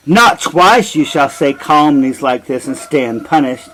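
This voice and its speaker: Guy reading as an angry proud king, loud, slow and pushy. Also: a little high, animated, rough recording. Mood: indignant.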